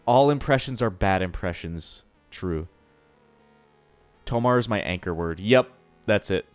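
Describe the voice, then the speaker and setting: Rambling low-voiced male streamer. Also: lively intonation, measured pace, clear, resonant tone, soft background music. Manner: rambling, swears casually, answers chat. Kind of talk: casual live-stream chat.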